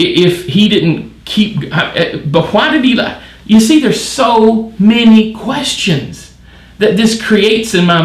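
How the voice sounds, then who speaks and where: Guy teaching a bible study, high lively voice jumping all over, asks a ton of questions, roomy sound. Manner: animated, wondering aloud with many questions. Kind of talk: midweek Bible study reading and commentary.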